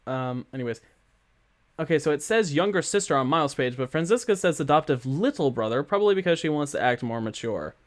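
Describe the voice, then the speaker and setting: A man's voice: a little high, expressive, fairly quick, dry recording. A man casually chatting and rambling while streaming a game, giggling often, on a close microphone. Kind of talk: casual gameplay commentary. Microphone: close mic with pop filter.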